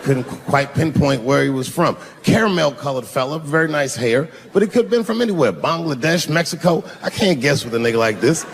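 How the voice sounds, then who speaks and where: A man performing a profane stand-up routine on a big stage, shouting his punchlines. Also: on the high side, animated, brisk, creaky, few pauses, slight background noise. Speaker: stand-up comedian. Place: large live venue with audience. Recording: echoey hall, crowd laughter.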